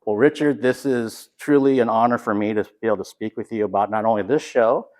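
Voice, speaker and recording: A male interviewer with a lowish voice poses long, wandering questions. He sounds admiring and casual, stringing thoughts together with fillers. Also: a little fast, a little mellow, soft background music.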